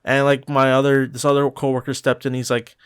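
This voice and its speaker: A man's voice: medium pitch, level tone, a little fast, smooth. A young man, a podcast co-host, telling a rambling story in casual chat, full of restarts and "like"s.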